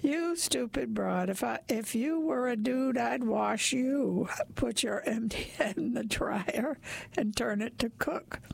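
A woman's voice: fairly high pitch, takes it slowly, vocal fry, breathy edge, heavily acted. A woman reading aloud, voicing a huge red-bearded man who is rude and scornful in a laundromat story. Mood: angry. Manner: insulting, scornful.

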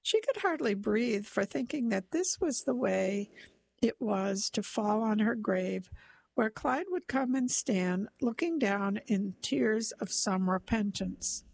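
Slow gravelly woman reading a story. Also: medium pitch, lively intonation, a little mellow, low-quality recording. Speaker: narrator.

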